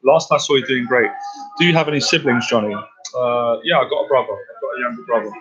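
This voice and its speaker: A man's voice: medium pitch, fairly quick, fairly bright tone, dull audio, a little hiss or hum. A man answering viewers' questions in a casual live-stream Q&A as a dating coach, talking in an earnest, direct way and calling them guys.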